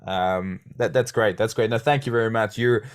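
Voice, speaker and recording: A man's voice: fairly low pitch, normal speed, clean tone. A man with a South African accent hosting a podcast interview, effusive and admiring toward his guest. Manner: effusive, admiring, laughs easily. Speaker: podcast host.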